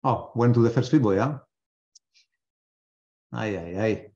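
A man's voice: medium pitch, a little slow, darkish tone. A man hosting a live trading webinar, thinking aloud as he trades, often restarting his sentences and tossing in joking asides. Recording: dull lo-fi webinar audio.

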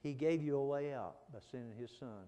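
Man, middle-aged preacher, folksy sermon, soft pleading to loud fervent, long church reverb. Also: mid-range voice, a little fast, clear, resonant tone. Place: church sanctuary.

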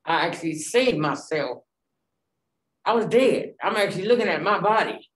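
A woman giving an animated personal testimony in a group, acting out the dialogue with many fillers. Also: on the low side, normal speed. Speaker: Bible study participant. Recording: echoey room.

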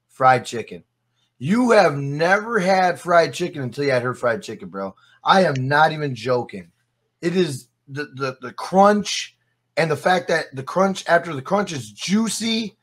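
A man's voice: fairly high pitch, fairly bright tone. A man guest on a podcast, chatting casually and swearing often, laughing through his stories. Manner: profane, laughing storyteller. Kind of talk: casual chat.

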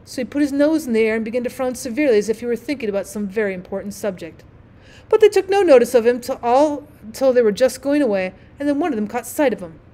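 A woman teacher reading a classic story aloud in an expressive storytelling manner. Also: fairly high pitch, fast talker.

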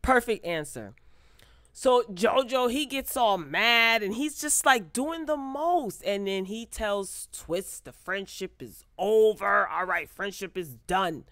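A woman who recaps reality TV in an animated, laughing way, acting out quotes. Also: medium pitch, takes it slowly, dry recording, clean studio sound. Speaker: TV recap vlogger. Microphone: close microphone.

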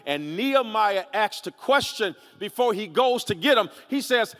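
A male pastor preaching a sermon in a large church, dramatic, sliding from low quiet talk up to shouting. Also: very animated, normal speed, long reverb tail. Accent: Southern US.

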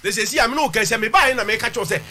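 A man's voice: extremely high pitch, very fast, sharp tone. A man arguing his side in a talk-show dispute, insistent and repeating figures. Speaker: complainant.

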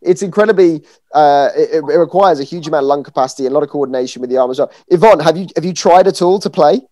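A man's voice: fairly high pitch, quick pace, mellow. A man hosting a podcast, asking questions in friendly, chatty interview talk. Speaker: podcast host. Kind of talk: casual interview.

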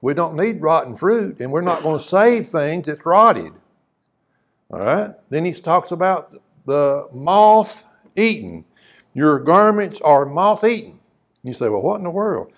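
A man's voice: a little high, gravelly. Folksy preacher man. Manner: folksy, conversational preaching with rhetorical questions; reads scripture aloud in old-fashioned wording. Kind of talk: sermon.

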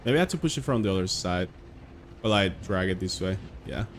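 A man's voice: deep voice, animated, fairly quick, a little hiss or hum. A young man streaming a video game live, chatting casually with viewers and reacting aloud to the game. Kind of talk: casual live gameplay chat.

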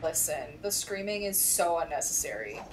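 A young woman streaming a horror game, reacting loudly with lots of swearing and jumpy outbursts. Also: sits low, very animated, normal speed, background noise. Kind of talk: live game commentary.

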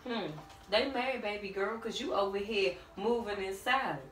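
A woman gives a casual tarot reading in a sassy, blunt way, full of pet names for the listener. Her voice is bright and fairly high. She sits a little away from the mic in a roomy, echoey space. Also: moderate pace, recorded from a distance, a little hiss or hum. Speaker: tarot reader.

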